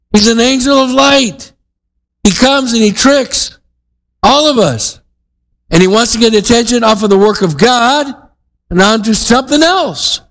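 A male pastor delivering a sermon in a casual, conversational manner. His voice sits a little high for a man. He often restarts his sentences and turns to the congregation with asides. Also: low-quality recording.

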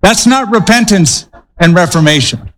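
Male pastor, sermon delivery, slightly high voice, dramatic storyteller pacing. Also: lively intonation, moderate pace, in a large hall, noisy background.

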